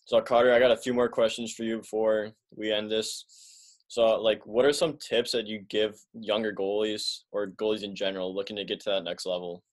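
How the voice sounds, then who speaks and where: A man's voice: on the low side, steady tone, brisk. A man hosting a sports podcast, chatting casually and saying "like" often. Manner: casual, heavy use of "like". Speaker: podcast host.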